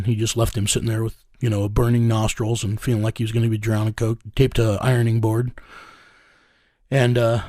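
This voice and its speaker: A middle-aged man recounts a hard case in casual interview talk. He is blunt and profane, and he chuckles through the story at a middling pitch. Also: mellow, no room sound, clean studio sound.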